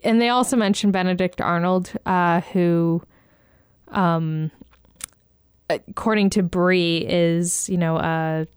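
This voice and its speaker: A woman's voice: on the low side, steady tone, slow, clean tone, dry recording, studio quality. A woman co-hosting a casual TV recap chat, talking in a chatty, hesitant way with plenty of fillers. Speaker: podcast co-host.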